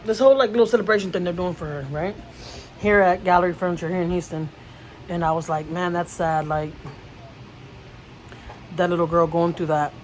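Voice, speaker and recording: A woman's voice: fairly low pitch, fairly quick, long pauses, darkish tone, slight background noise, low-quality recording. A woman vlogger chatting casually to camera, rambling and emotional, with frequent restarts and repeated words. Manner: emotional storytelling.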